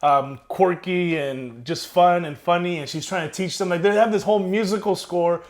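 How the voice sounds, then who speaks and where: A man's voice: high voice, normal speed. A man co-hosting a casual movie review chat, chatty and chiming in often. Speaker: co-host.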